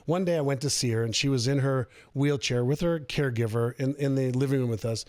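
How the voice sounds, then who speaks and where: A man guest on an interview show, telling a personal story in an animated way and repeating phrases for emphasis. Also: medium pitch, brisk, no room sound. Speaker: guest author on personal growth.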